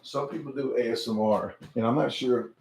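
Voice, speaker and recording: Hosting an informal livestream on his channel, a man rambles through viewer comments with frequent jokes and laughs. His medium-pitched voice is brisk, steady in tone, creaky and a little mellow, with slight background noise present.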